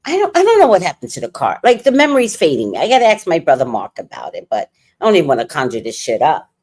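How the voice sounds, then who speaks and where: A woman, hosting her own stream and telling a family story in a blunt, slangy, animated way. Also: sits low, quick pace, slightly rough. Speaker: livestream host. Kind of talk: casual storytelling chat.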